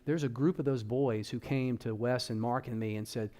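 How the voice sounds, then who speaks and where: A man speaks to a room of parents at a church workshop. His tone is warm and mellow, and he talks to the crowd in a casual, direct way. His pitch sits in a middle range. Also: steady tone, normal speed. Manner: conversational, addresses audience directly. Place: church hall.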